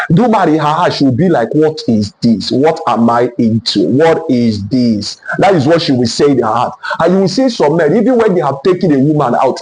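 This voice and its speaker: A man delivers relationship advice in a high voice that swings widely in pitch. He hammers his points home by repeating the same phrasing, and he speaks straight to the listener. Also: darkish tone, low-quality recording. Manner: emphatic and repetitive, lecturing the listener directly. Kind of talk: motivational relationship talk.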